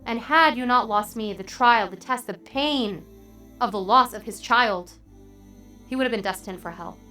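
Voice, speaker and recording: A woman voicing a small girl's spirit in a dream who gently and earnestly admonishes her father, in a told story. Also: on the high side, moderate pace, faint music behind. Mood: tender. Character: little girl's spirit in a dream, tender and wise.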